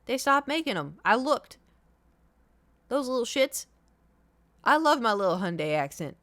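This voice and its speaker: A woman's voice: a little high, big pitch swings, unhurried, a bit bright, no room sound. A young woman streaming live, talking casually and rambling through a story with lots of filler words. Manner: rambling and chatty, with many fillers. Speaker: livestreamer.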